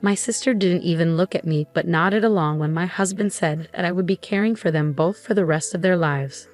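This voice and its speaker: A woman narrates a dramatic first-person story in an even, steady voice. Her pitch sits on the low side. Soft music plays faintly behind her. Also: brisk.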